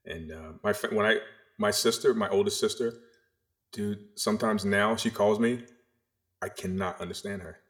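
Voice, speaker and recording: A middle-aged man from the American South with a faint Southern accent, telling stories in a casual interview, rambling and animated with frequent restarts. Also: fairly low pitch, normal speed. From the Carolinas, US South. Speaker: podcast guest.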